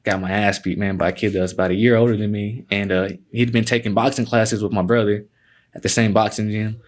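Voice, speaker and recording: A man's voice: lowish voice, little pitch movement, fairly quick. A man guest telling stories in a laid-back, casual way, filling his talk with "man" and cuss words. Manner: laid-back, peppers speech with "man" and cussing. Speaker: guest, MMA fighter. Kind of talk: casual storytelling.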